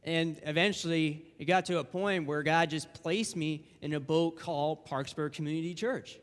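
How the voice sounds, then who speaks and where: A young man gives a relaxed, chatty sermon, his voice sitting fairly high. He talks like he's chatting with friends and slips into little acted-out quotes. A long reverb from the church sanctuary trails behind him. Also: normal speed. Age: young adult. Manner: casual and conversational, acting out quotes. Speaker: guest preacher. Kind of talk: informal sermon.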